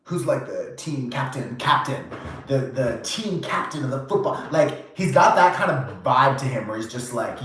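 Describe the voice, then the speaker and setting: Casting note: a gabby, swearing tarot reader, mid-pitched, in a very echoey room. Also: male voice, normal speed. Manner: chatty, animated, full of fillers and swearing. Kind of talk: casual pick-a-pile tarot reading.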